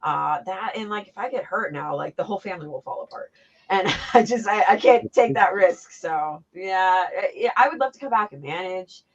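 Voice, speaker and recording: A woman's voice: mid-range voice, normal speed. Blunt, profane woman, lo-fi sound. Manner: blunt, profane, animated storytelling. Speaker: interview guest, former wrestler. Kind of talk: casual chat. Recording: dull lo-fi sound.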